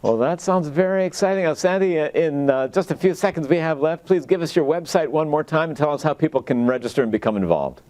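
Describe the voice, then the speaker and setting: A man hosting a local TV interview, polite and a little hesitant, often pausing with "uh". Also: a little high, lively intonation, a little mellow. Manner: hesitant, polite, fills gaps with uh. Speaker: host.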